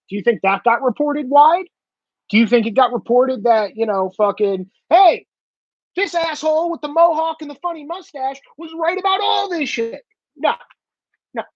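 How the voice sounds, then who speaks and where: Sarcastic, profane man with husky voice. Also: very high voice, no room sound. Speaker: online show host. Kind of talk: ranting monologue. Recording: dull lo-fi dry sound.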